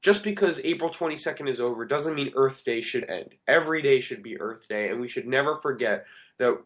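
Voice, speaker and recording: A man's voice: mid-range voice, lively intonation, fairly quick, a bit bright. A man hosting a talk show, giving an earnest, rambling monologue that often corrects itself mid-sentence. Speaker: radio show host.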